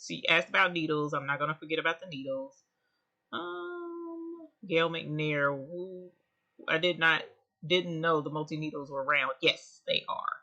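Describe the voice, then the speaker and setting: A woman's voice: deep voice, expressive, measured pace, bright, forceful tone, lo-fi sound. A woman hosting a casual livestream, chatting expressively and greeting viewers by name. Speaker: livestream host of an embroidery channel. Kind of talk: casual live chat with viewers.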